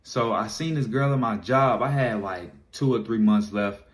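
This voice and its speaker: A young man sends in a video submission as a listener, telling a casual story in a loose, rambling manner full of fillers. His voice is fairly low-pitched, at a moderate pace.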